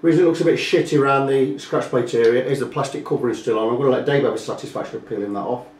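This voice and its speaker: A man talks through a guitar repair, explaining each step casually as he works. His voice sits at an ordinary middle pitch, picked up by the camera mic in an echoey workshop room. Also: very fast, a little mellow, a little hiss or hum. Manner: chatty, explains step by step, talks while working. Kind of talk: hands-on repair walkthrough.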